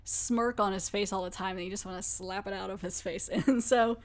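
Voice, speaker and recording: A woman's voice: mid-range voice, fairly even intonation, normal speed. A woman hosting a podcast, chatting casually and full of fillers as she recaps and reviews a TV episode. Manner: chatty, filler-heavy, acts out quotes.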